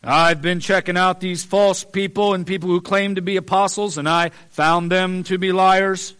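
A man's voice: high-pitched, level tone, moderate pace, a bit bright, clean tone. A man preaching a sermon, earnest and pleading, building emphasis on repeated phrases.

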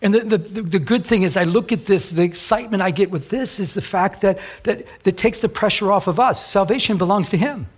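A man's voice: sits high, brisk, hardly any pauses, slightly rough. A man preaching a sermon as a pastor, rambling and often repeating words as he restarts.

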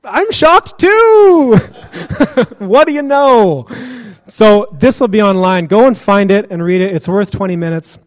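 A man's voice: high-pitched, darkish tone, big-room sound. A man preaching a sermon in a casual, joking and blunt way.

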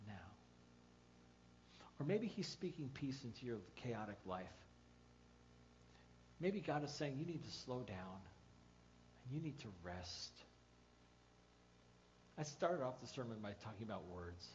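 A man's voice: mid-range voice, expressive, unhurried, long pauses, dull audio, a little hiss or hum. A man preaching a sermon as pastor, earnest and pleading, building to emphatic repetition.

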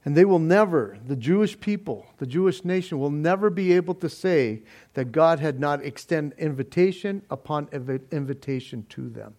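A man preaching a sermon in a deliberate manner, with soft laughs between points. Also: on the high side, lively intonation. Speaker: pastor.

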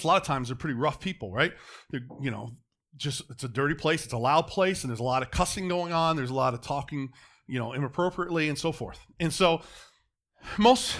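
A man preaching a sermon, telling a story with dramatic swings from loud to hushed. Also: on the high side.

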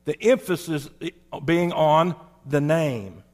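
A man preaching a sermon in a measured, emphatic way, slowing down to stress key phrases. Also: on the high side, animated, big-room sound.

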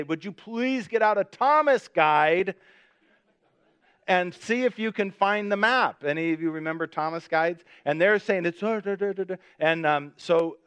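Man, pastor, sermon, storytelling, self-mocking, fairly high voice, dry close sound. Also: smooth, dry recording, highs cut off. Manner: animated, self-mocking storyteller acting out dialogue.

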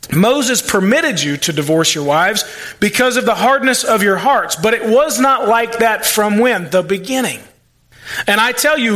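A man's voice: sits high, pushed and bright. A male pastor preaching a sermon, folksy and plain-spoken, with asides and playful sarcasm. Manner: acts out quoted voices.

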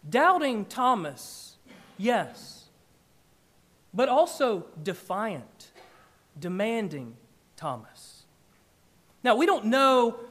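Man, pastor, high voice, emphatic animated sermon, church. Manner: emphatic, animated preaching with swings in loudness.

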